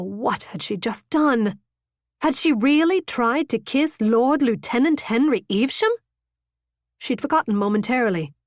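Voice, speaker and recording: A woman narrating a romance audiobook in an expressive, dramatic reading style. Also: fairly high pitch, no room sound, studio quality. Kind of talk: scripted narration.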